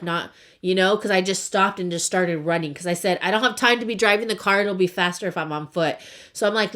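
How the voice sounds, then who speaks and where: A young woman chatting casually while doing her makeup, talking in a loose storytelling way with lots of "like". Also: fairly low pitch. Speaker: beauty vlogger. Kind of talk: casual get-ready-with-me chat.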